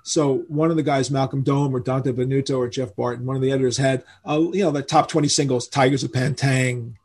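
An older rock musician from New York spins a long story in a casual interview. His voice is gravelly and a bit husky. He is lively and acts out the people he quotes. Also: mid-range voice, a little fast.

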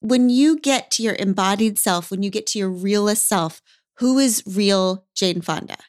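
A woman hosts a podcast with eager, enthusiastic energy. She sits at mid pitch, and the recording is very dry and close, with no room sound. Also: normal speed, no echo. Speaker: podcast host. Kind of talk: casual chat. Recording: dry studio mic.

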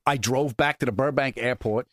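A man's voice: medium pitch, normal speed, a bit bright, no echo, clean studio sound. A man hosting a podcast in casual comedic chat, telling stories with a wry, joking manner. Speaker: podcast host.

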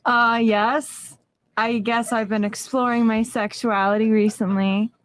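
A woman's voice: fairly high pitch, little pitch movement, a little slow, crowd noise. A woman speaking as a podcast guest, candid and a little hesitant. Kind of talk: casual podcast conversation.

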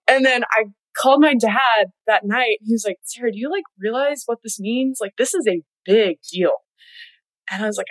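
A woman's voice: on the high side, a little fast, no echo, poor audio. A young woman telling her story as a guest in a casual chat, laughing often and saying "like" a lot. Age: young adult. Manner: chatty, laughs often, many "like"s. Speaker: guest, college athlete.

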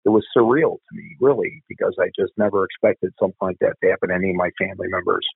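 This deep, creaky, breathy male voice runs very fast in a steady tone, with no echo and narrow, tinny sound. The middle-aged police officer retells a family tragedy in a candid interview, blunt and profane, repeating himself during recall, as a conversational story.

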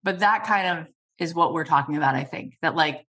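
A woman hosting an interview, telling stories in an earnest, animated, heartfelt way. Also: low voice, a little fast. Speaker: podcast host. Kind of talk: casual conversational interview.

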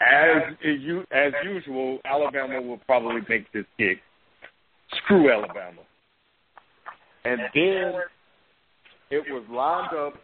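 A man's voice: mid-range voice, lively intonation, slow pace, long pauses. A man co-hosting a sports podcast, walking through the game step by step. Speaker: podcast co-host. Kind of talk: casual sports chat. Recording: tinny phone-like sound.

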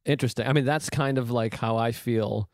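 A man's voice: mid-range voice, steady tone, no room sound, studio quality. A man who is a comedian in a casual chat, speaking frankly and confessionally, swearing often and mixing jokes into his points. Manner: frank, profane, confessional and quick to joke.

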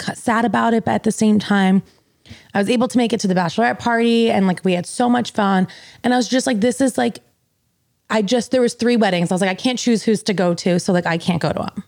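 A woman in her thirties talks through her feelings on a podcast, rambling and filler-heavy, close to tears. Her voice has a creaky fry, and the sound is dry with no room echo. She comes across as open and unguarded. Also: mid-range voice, a little fast, a little mellow. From US East Coast. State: tearful. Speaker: podcast co-host. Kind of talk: casual chat.

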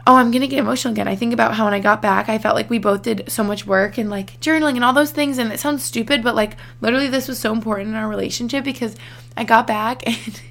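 A young woman talks straight to her viewers about her relationship. Her slightly high voice has a gravelly fry at the ends of phrases. She sounds moved and close to tears, and she peppers her speech with "like.". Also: fast, fairly bright tone. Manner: emotional, on the verge of tears, frequent "like" fillers. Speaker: vlogger. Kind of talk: personal vlog talk.

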